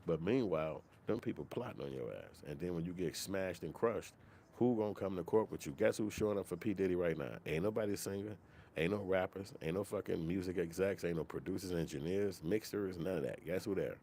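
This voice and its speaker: Male host with a deep voice, casual and profane, animated opinion talk with a faint hiss. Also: brisk, vocal fry. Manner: profane, animated, slips into mock quoted voices. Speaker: commentary channel host.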